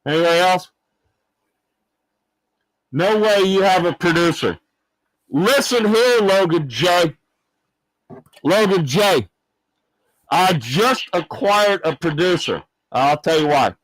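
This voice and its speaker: A man voices a brash, dim-witted Southern clown, age fifty-six, in a fake Arkansas accent for a livestream comedy sketch. His delivery is slow and dragging, high and wildly swooping with lively intonation, as he mockingly rambles and shouts insults. The poor audio is dry, close and echo-free.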